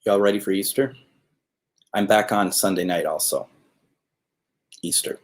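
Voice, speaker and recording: A man's voice: sits low, a little slow, rough recording. A man hosting a live spirit box session, patiently and politely coaxing spirits to talk to him. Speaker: paranormal livestream host.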